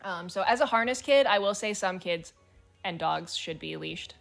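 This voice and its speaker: A woman's voice: fairly low pitch, lively intonation, normal speed, vocal fry, faint music behind. A woman streamer chatting casually and reading forum posts aloud, blunt, swearing freely and laughing as she talks.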